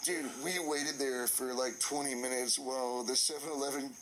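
A man telling a funny story casually, animated and laughing as he goes, swearing freely. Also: medium pitch, normal speed, slight background noise, poor audio. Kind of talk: casual anecdote.

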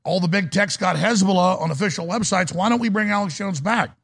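A man hosting a live call-in talk show, ranting in a fiery, rapid-fire way. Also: high voice, vocal fry, a bit bright, slightly rough.

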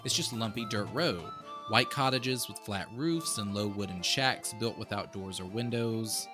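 A man's voice: fairly low pitch, measured pace, music in the background. A man casually recapping a book on a podcast, acting out quoted lines with asides. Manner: retells with quoted voices and asides. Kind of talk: casual chat.

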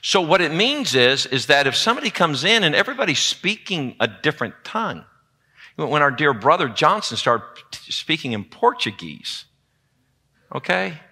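A man preaching a sermon in a church, with a lively call-and-response delivery. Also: a little high, moderate pace, husky. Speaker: pastor. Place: church sanctuary.

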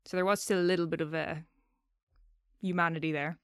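A woman's voice: lowish voice, steady tone, brisk, clear, resonant tone, dry recording, studio quality. Chatty swearing woman podcast host. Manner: loose, swearing, chatty delivery. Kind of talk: casual storytelling podcast chat.

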